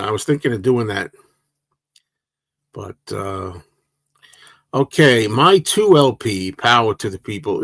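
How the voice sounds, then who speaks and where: A man's voice: on the low side, a bit bright, dry recording. A man in his sixties hosting a livestream, answering viewers in a casual, rambling way with many hesitations and restarts. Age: 60s. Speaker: livestream host.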